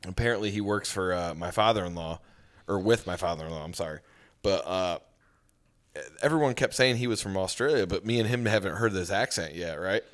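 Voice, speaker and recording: A young man co-hosts a relaxed podcast and tells stories in an animated, casual way, swearing now and then. His voice sits on the low side. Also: fairly quick. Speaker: podcast co-host. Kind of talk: casual chat.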